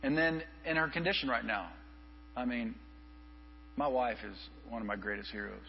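A male pastor telling an animated story in a sermon, acting out the people he quotes. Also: mid-range voice, normal speed, vocal fry. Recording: reverberant hall, dull lo-fi with mains hum.

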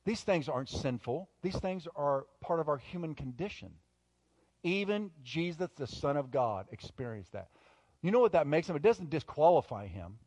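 A male pastor preaching a sermon, moving between quiet, intimate asides and loud, emphatic bursts. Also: on the high side, animated, moderate pace, dry recording.

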